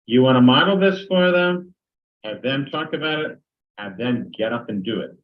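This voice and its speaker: Older male teacher trainer, mid-pitched, chatty lecture delivery, muffled lo-fi recording. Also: expressive, a little slow, long pauses. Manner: conversational, acts out sample dialogues. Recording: dull lo-fi recording.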